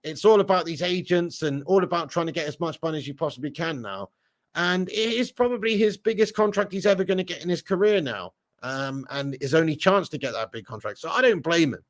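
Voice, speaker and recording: A man's voice: on the high side, animated, fairly quick. A man hosting a live football chat, reading out viewer comments and teasing them with blunt jokes and frequent laughter. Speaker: fan channel host reading live chat.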